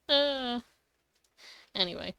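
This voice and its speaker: A woman's voice: on the high side, bright, forceful tone, clear, resonant tone, no echo. A woman streaming a video game live, chatting casually, giggling often and swearing freely. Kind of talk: casual live gaming commentary.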